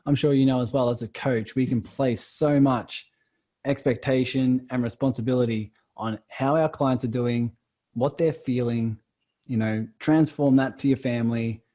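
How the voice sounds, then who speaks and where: Guy hosting a podcast, coach, soft mellow voice, rambles a bit asking questions. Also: medium pitch, steady tone, moderate pace. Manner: reflective, rambling questions with many restarts. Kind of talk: casual interview conversation.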